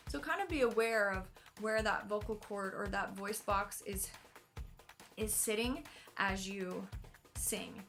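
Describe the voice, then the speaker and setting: A woman's voice: mid-range voice, fairly bright tone. An American woman, a singing teacher, explaining vocal anatomy in a casual way and often hedging with "kind of". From United States.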